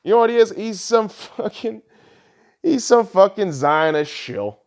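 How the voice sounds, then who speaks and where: A man hosting a podcast, ranting heatedly and swearing often, his voice lurching between loud outbursts and low mutters. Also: lively intonation, measured pace. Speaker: podcast host. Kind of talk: ranting political commentary.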